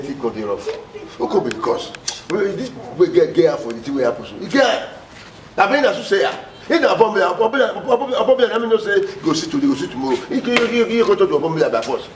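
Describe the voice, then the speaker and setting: A man's voice: a little high, animated, fast, natural voice. A man with a Nigerian accent playing a suspicious, agitated man who repeats his words and slips into pidgin, in a family film. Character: suspicious agitated man accusing a woman of witchcraft. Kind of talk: Nollywood film acting. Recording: echoey room, mic far off, noisy.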